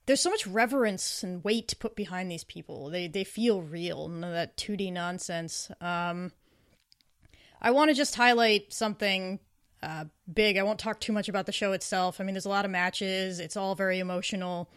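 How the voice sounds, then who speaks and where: A woman's voice: medium pitch, normal speed, fairly bright tone. A woman co-hosting a podcast, talking casually and enthusiastically about shows, sometimes acting out the lines she quotes. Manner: enthusiastic, acts out quoted characters. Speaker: podcast co-host. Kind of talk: casual podcast review chat.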